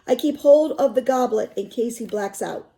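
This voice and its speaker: A woman reading a novel aloud, pausing to explain passages in softer asides. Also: fairly high pitch, rough recording.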